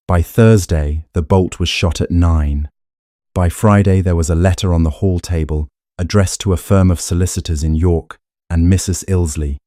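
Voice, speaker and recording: A male narrator reading a period romance audiobook in a measured storytelling way. His voice is very low and mellow. The recording is close and dry. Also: no room sound.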